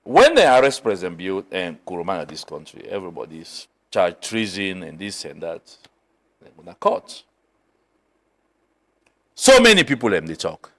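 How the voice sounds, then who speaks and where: A middle-aged man from Sierra Leone with a Krio accent, a political guest telling a story in an animated way, mixing Krio and English. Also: low voice, moderate pace, long pauses. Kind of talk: political talk show discussion.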